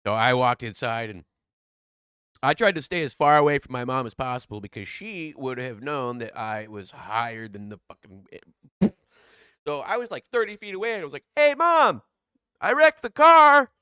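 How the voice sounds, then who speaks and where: A man in his thirties spins a wild personal story with a lively voice that jumps up and down in pitch. He swears freely and swings between loud bursts and hushed asides. The sound is close and dry, with no room around him. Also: moderate pace, clear, resonant tone, no room sound. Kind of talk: casual storytelling vlog.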